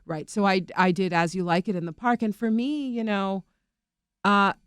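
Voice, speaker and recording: A middle-aged woman, an actress, talking casually in an interview, animated and rambling, often laughing. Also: medium pitch, moderate pace, smooth, no room sound.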